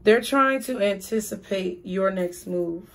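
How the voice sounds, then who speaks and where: Tarot reader, woman; slow, measured delivery, repeating spiritual phrases. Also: mid-range voice, gravelly. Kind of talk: tarot reading for viewers.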